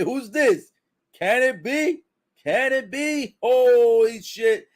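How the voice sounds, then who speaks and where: A man with a high voice reacts live to a wrestling broadcast, calling the action with excited exclamations and plenty of swearing.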